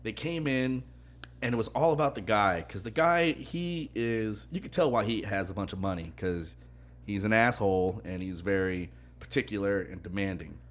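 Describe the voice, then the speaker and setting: Low-voiced man telling a work story. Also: animated, normal speed. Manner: rambling, laughs often, drops to a hush when quoting people. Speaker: podcast co-host. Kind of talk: casual chat, storytelling.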